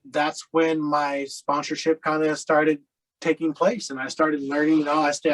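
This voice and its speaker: Higher-voiced rambling man. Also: a bit bright, poor audio. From Colorado. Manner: loose and rambling, heavy on fillers. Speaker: interview guest. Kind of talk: casual personal storytelling.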